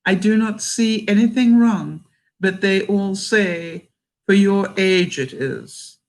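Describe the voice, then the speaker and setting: On her live stream, this older woman from Canada reads the chat aloud in a medium-pitched, slow voice, chatty and warm, with frequent laughter and restarted sentences. The audio is poor.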